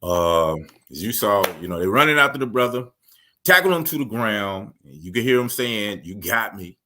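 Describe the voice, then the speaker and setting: A man with a very low, deep voice talking through a news story on a podcast. He is earnest and measured, and he walks through events step by step in a casual discussion style. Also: sing-song, pushed and bright. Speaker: podcast co-host.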